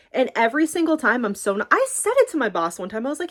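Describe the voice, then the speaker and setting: A young woman talking casually in a rambling, animated way, swearing often and acting out conversations. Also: on the high side, quick pace, hardly any pauses. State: tearful. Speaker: streamer talking about her library job. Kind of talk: casual chat.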